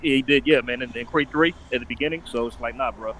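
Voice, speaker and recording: Bright-voiced American man, casual chat. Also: medium pitch, quick pace, low-quality recording. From United States.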